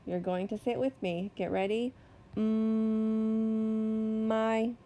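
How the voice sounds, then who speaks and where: A woman teacher giving a slow, deliberate phonics lesson to young children, stretching out each sound. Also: medium pitch, gravelly, mellow. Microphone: recorded voice-over for a whiteboard lesson video.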